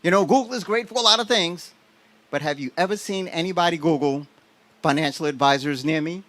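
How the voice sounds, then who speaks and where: A man's voice: a little high, fairly quick, fairly bright tone. A man giving a motivational business talk on stage, asking the audience questions. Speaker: business speaker.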